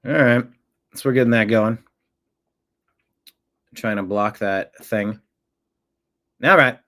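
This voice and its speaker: Speaking slowly in a lowish, slightly bright voice, a man hosting a live-stream mutters as he adjusts settings. Every so often he turns on a commenter with profane, confrontational demands.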